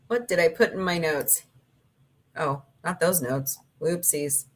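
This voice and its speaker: A woman's voice: low voice, a little slow. A middle-aged woman hosting a casual livestream, chatting and rambling through stories with her live chat. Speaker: livestream host.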